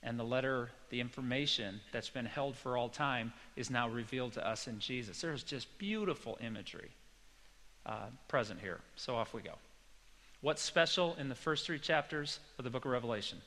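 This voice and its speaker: A man preaching in a church hall, telling personal stories and turning to the audience with questions. His voice is bright and forceful at an ordinary middle pitch. A long hall reverb trails behind his words. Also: moderate pace. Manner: chatty storytelling with personal anecdotes and asides to the audience. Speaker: pastor teaching a Bible study. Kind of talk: conversational sermon.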